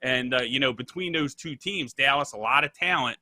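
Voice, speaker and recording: A man as a guest analyst, breaking down a football schedule in a measured way. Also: medium pitch, pushed and bright, no room sound. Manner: measured, breaks down a schedule with "you know" fillers. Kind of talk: analytical sports talk.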